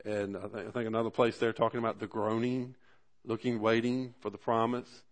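A man preaching a sermon, talking through scripture in an earnest, conversational way, with swelling emphasis and drawn-out words at key moments. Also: lowish voice, level tone. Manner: earnest, conversational asides to the congregation. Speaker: pastor.

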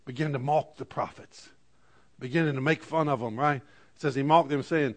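A man preaching to a congregation, reading scripture dramatically with lively asides and stammered restarts. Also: mid-range voice, normal speed. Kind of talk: sermon. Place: church in front of a congregation.

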